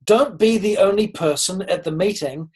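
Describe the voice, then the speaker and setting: A husky, darkish but high-pitched male voice at normal speed comes through a low-quality recording. The speaker is a leadership coach delivering an earnest, encouraging motivational talk on a group call, questioning his listeners directly and repeatedly restarting with "um."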